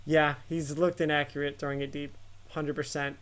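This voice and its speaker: A man co-hosting a casual sports picks chat, talking in halting bursts with restarts. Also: fairly high pitch, flat delivery, a bit bright. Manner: halting, restarts and fillers, quick laughs.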